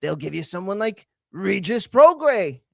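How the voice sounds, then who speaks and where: A man's voice: high-pitched, very animated, measured pace, creaky, a little mellow, no echo, clean studio sound, voice pushed up, heavily acted. A man voicing a scheming middle-aged British boxing promoter, in an exaggerated mock British accent full of slang. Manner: exaggerated cockney slang, sly persuading.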